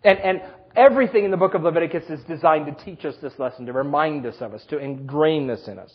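A man preaching a sermon, telling personal stories with self-deprecating humor in a husky voice. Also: on the high side, fast, dull audio. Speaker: pastor.

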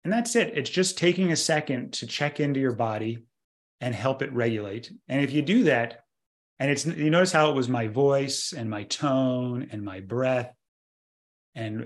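Calm explaining middle-aged man. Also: mid-range voice. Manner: calm explanatory, slows for guided breathing. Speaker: doctor and co-author. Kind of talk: casual podcast conversation.

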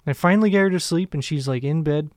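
A man's voice: fairly high pitch, fast talker, a little mellow, no room sound, clean studio sound. A man co-hosting a casual podcast, telling rambling profane stories and laughing often. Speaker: podcast co-host.

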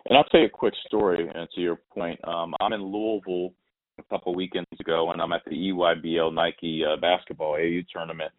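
Man, podcast host, animated storyteller, tinny phone-line audio. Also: deep voice, brisk. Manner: animated, acts out quoted voices. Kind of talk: casual storytelling chat.

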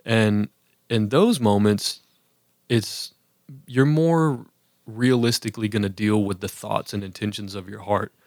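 A man's voice: lowish voice, a little slow, darkish tone, no room sound, studio quality. A man in casual conversation on a podcast, talking earnestly about faith with lots of fillers and restarts. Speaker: podcast co-host.

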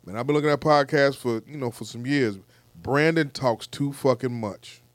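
A man's voice: medium pitch, moderate pace, dry recording. A man hosting a casual podcast, blunt and opinionated, swearing freely as he talks. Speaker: podcast host.

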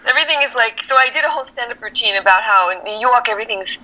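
A woman from Texas with a Californian accent, an actress speaking candidly as an interview guest and telling animated, reflective stories with easy laughter. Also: a little high, racing, low-quality recording. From El Paso, Texas. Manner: animated, reflective storyteller who laughs easily.

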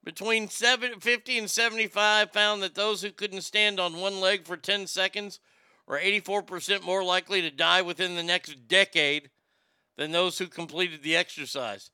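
A man's voice: high-pitched, fairly even intonation, moderate pace, bright, forceful tone, clean tone, dry recording. A man giving a sarcastic, profane comedy rant about a news story and reading chat aloud.

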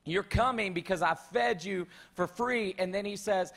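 A man's voice: high voice, normal speed, gravelly, a bit bright. A male pastor preaching a sermon to his church, conversational and calling out to the congregation. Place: church sanctuary.

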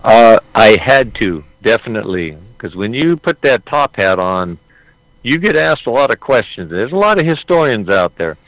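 A man's voice: fairly low pitch, animated, moderate pace, fairly bright tone, no room sound, low-quality recording. A man being interviewed about playing a historical figure, answering earnestly with hesitant restarts. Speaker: actor portraying Lincoln, interview guest.

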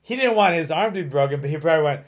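A man hosting a casual chat, excitable and swearing freely. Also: on the high side, rapid-fire.

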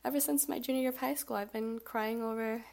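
A young woman from Miami, a podcast guest, talking earnestly and openly with a hoarse sick voice. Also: on the high side, fairly even intonation, a little fast, darkish tone. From Miami, United States. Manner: earnest, open, with frequent fillers. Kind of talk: casual podcast chat.

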